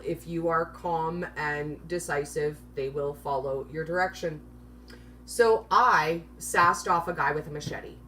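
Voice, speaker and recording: A woman's voice: mid-range voice, fairly bright tone, recorded from a distance, a little hiss or hum, rough recording. A woman vlogger telling a personal story in a chatty, self-mocking way with nervous giggles. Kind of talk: casual storytelling.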